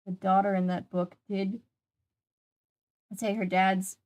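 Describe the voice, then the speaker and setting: A woman's voice: mid-range voice, little pitch movement, measured pace, darkish tone. A young woman chats casually with her stream audience between book chapters, circling her points with filler words. Her voice sits mid-range for a woman. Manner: chatty, many filler words, talks to chat. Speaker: live-stream host reading a book aloud. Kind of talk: casual live-stream chat.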